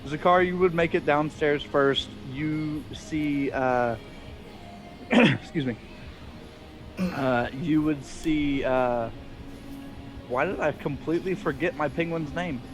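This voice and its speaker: A man's voice: fairly high pitch, takes it slowly, pauses often, soft background music. A man narrating as game master of a tabletop game, loose and chuckling, full of fillers.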